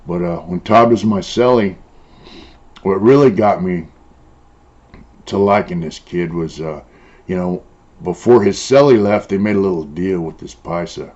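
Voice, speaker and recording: Speaking a little slowly with long pauses, this former prisoner, an older man from San Diego, Southern California, shares casual prison stories in a low, slightly mellow voice. He's blunt and profane, leaning heavily on "uh" and "you know," and the audio has a dull, lo-fi quality.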